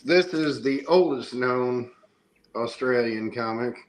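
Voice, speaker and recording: In a casual podcast chat about comics, a middle-aged man plays host and does enthusiastic, rambling show-and-tell. He talks slowly at a medium, everyday pitch, and there's a little hiss or hum on the recording.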